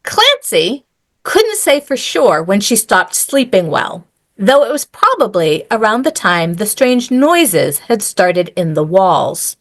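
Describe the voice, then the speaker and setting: A woman hosting a live improv storytelling event, upbeat and quick to laugh. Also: mid-range voice, very animated, dry recording. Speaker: host and moderator. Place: small room before a live audience.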